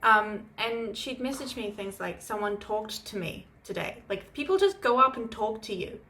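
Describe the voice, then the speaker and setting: A woman co-hosting a podcast in a casual chat, agreeing dryly and adding quick asides. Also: a little high, animated, bright, forceful tone. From outside the United States. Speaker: podcast co-host.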